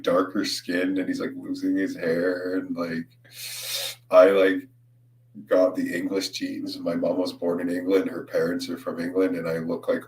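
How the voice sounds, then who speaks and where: Deep-voiced young man rambling on stream. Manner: rambling, laughing, swears a lot, says "dude". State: stoned. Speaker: livestreamer. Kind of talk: casual livestream chat. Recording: roomy, distant from mic.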